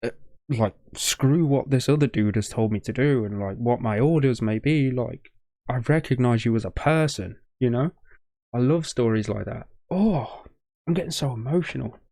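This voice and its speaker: A man's voice: medium pitch, moderate pace, warm tone, dry recording, clean studio sound. A young man hosting a reaction video, choked up with a shaking voice, rambling and stumbling over his words in casual commentary.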